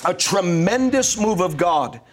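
A man speaking as a guest on a talk show, delivering prophetic declarations with slow, deliberate, swelling emphasis. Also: high-pitched, expressive. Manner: rising into loud emphatic proclamations.

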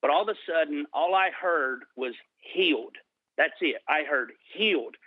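A middle-aged man telling his personal testimony in an interview, earnest and slowing down for emphasis. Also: fairly high pitch, no room sound. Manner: earnest storytelling, slows for emphasis. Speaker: guest sharing testimony. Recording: tinny phone-like line.

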